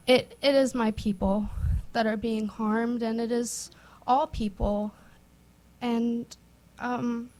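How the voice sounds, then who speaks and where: A young woman giving nervous, emotional testimony at a public hearing, halting with many restarts. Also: on the high side, a little mellow, rough recording. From United States. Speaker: public witness.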